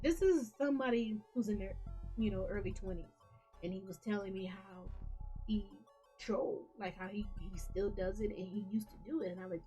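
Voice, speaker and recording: A woman in a mid-pitched voice talks straight to her gaming audience, earnest and rambling, often restarting and repeating herself. The sound is a little dull and lo-fi, with faint music underneath. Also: a little mellow. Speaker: gaming channel host. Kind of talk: casual talk to camera.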